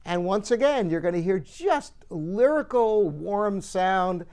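Man, higher voice with a smooth resonance, enthusiastic store host showing off an instrument. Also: animated, slow pace, darkish tone. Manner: enthusiastic, admiring. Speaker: piano store host and pianist. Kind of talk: product demonstration talk.

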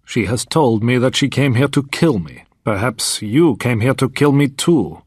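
A man's voice: medium pitch, animated, normal speed, darkish tone, slightly rough, no room sound. A man voicing a menacing villain who coolly threatens a captive, reading from a storybook.

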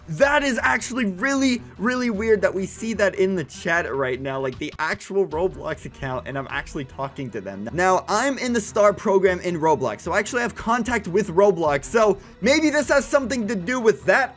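Young male gaming YouTuber, high and very animated, hyped play-by-play over soft background music. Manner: hyped, breathless, repeats himself. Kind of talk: excited gameplay commentary.

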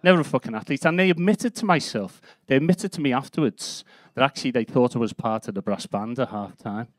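A man's voice: mid-range voice, a little fast, no echo. Brash, sweary Scouse comedian in his fifties. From Liverpool, England. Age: 50s. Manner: brash, sweary, punchy storytelling. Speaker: stand-up comedian. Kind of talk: live stand-up set. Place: comedy club stage.

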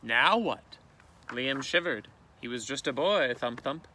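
A male teacher reading a picture book aloud with expressive, dramatic storytelling, outdoors in a canoe. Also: medium pitch, a little slow, slight background noise.

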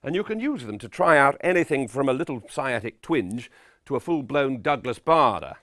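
A pompous vain old-school actor. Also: male voice, mid-range voice, very animated, moderate pace, fairly bright tone, dry recording, studio quality. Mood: self-important. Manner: pompous, self-regarding theatrical lecturing. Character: vain pompous middle-aged male character actor. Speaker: actor giving acting advice. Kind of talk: deadpan spoof documentary address.

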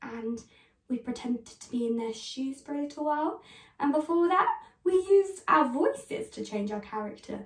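Talking straight to the kids, a woman in her twenties from Britain runs an online children's drama class with upbeat encouragement. Her voice sits high at a moderate pace, captured from afar in a room with echo.

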